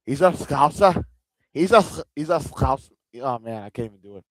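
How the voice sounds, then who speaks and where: A man's voice: medium pitch, a little slow, darkish tone, no echo, lightly acted. A man doing a clumsy mock Scouse lad. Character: mock Liverpool lad, cocky young man.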